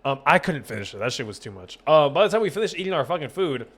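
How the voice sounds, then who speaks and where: Young male streamer with a slightly high voice, casual and profane, rambles through a story and acts out the dialogue. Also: fast, slightly rough. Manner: rambling, profane, animated retelling with quoted dialogue. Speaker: gaming streamer.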